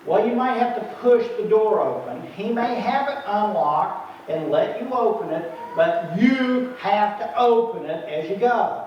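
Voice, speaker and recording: A man's voice: very high-pitched, animated, unhurried, slight background noise. A man preaching a sermon, full of feeling, acting out the voices of biblical figures and chuckling at his own asides. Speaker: pastor. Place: church sanctuary. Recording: distant, echoey, muffled room recording.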